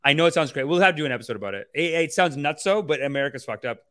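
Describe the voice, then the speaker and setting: A man hosting a podcast, chatting casually and reacting to a film trailer in an animated, profane, rambling way. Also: on the high side, rapid-fire. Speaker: podcast host.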